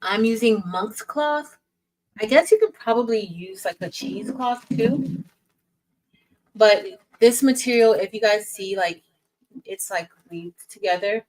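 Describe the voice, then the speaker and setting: A woman's voice: mid-range voice, unhurried, a little mellow, low-quality recording. A woman hosting a casual craft livestream, greeting viewers by name in an upbeat, chatty way.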